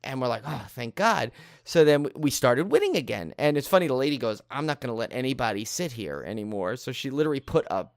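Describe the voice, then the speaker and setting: Here a male podcast co-host, mid-range and gravelly, talks fast while relating an anecdote and playing the characters he quotes. The studio sound is clean, with no room sound.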